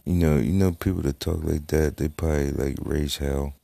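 On his casual solo podcast, an adult man who has a daughter rambles and swears in a relaxed way, filling his talk with fillers. His very deep voice is warm and steady, with vocal fry, at a normal speed. There is no room sound.

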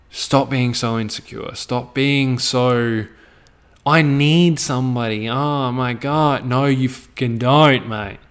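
An Australian man hosting a podcast, ranting casually with blunt, heavy swearing and a preachy tone. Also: medium pitch. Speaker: podcast host.

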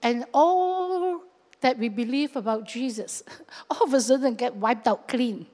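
A woman pastor preaches with lively, animated delivery, often dropping into little acted-out voices and local fillers. Her voice sits a bit high, and it rings with the long reverb of a large hall. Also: a little slow. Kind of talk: sermon.

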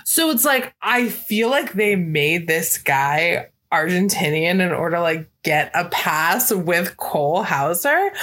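A woman co-hosting a casual movie-review chat, animated, laughing often and swearing casually. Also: on the low side. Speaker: podcast co-host.

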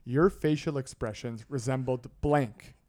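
A man's voice: medium pitch, measured pace. A man with an ordinary mid-range voice co-hosts a casual sports betting podcast. He tells stories with energy and acts out scenes from movies. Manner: storytelling, animated retellings of movie scenes. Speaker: podcast co-host.

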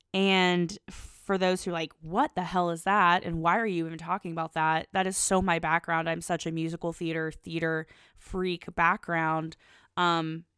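A woman's voice: lowish voice, fairly bright tone, clean tone, dry recording, studio quality. A young woman in her twenties chatting casually in a rambling, gushing podcast monologue, full of fillers and restarts.

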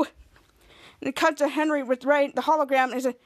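A woman's voice: high voice, steady tone, normal speed, pauses often. A woman podcast host giving a casual, rambling run-on recap of a TV episode. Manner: rambling, run-on narration with many restarts and giggles.

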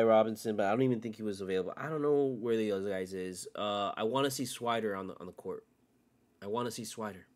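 A man hosting his own sports podcast alone, ranting with constant swearing, jumping from loud outbursts to low mutters. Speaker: podcast host. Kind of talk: solo sports rant.

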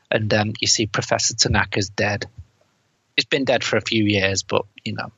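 A man with a slightly husky voice casually narrates a film's plot, laughing now and then and quoting characters. He sounds close and dry on a dull, lo-fi podcast recording. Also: lowish voice, fairly even intonation, moderate pace, a bit bright, no echo. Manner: laughs often while recounting scenes, quotes lines in put-on voices. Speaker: podcast co-host reviewing a film. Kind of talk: casual chat, retelling a plot.

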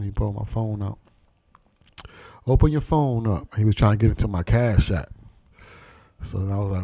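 Podcast host, male, dark mellow tone, dry close sound, animated streetwise storyteller. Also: on the low side, brisk, long pauses, no room sound. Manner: streetwise, profane, animated storytelling, acting out quoted voices. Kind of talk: casual conversation, storytelling.

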